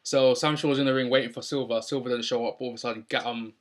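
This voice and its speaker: Young dude rambling through a recap, ums everywhere, mid voice. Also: male voice, mid-range voice, steady tone, fast. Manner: rambling, many ums and restarts. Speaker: wrestling show reviewer. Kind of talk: casual recap.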